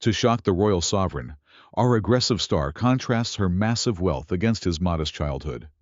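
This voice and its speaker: Scripted male narrator, lowish voice, dull muffled track. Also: lively intonation, normal speed, background noise. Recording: muffled lo-fi audio.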